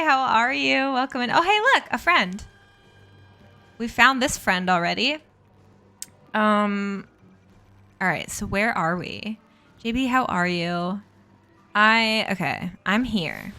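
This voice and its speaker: A woman streamer with a bright, sharp voice that swings widely up and down as she giggles and chats with her viewers. She talks at an unhurried pace over faint background music. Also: medium pitch, lively intonation. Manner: giggly, chatty, greets and thanks viewers. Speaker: live streamer. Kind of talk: casual live game stream chat.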